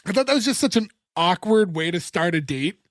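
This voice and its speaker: A man in his thirties co-hosting a podcast, recapping a sitcom episode in casual chat, animated and laughing, often swearing. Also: high voice, brisk, dry recording. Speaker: podcast co-host.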